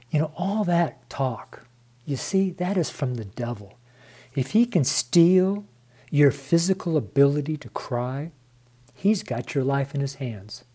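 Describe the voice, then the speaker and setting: Man, preacher, tearful, husky, mellow tone, slow and earnest. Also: medium pitch, animated. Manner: earnest, emotional, addresses listeners as friends. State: tearful, voice near crying. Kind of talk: devotional sermon to viewers.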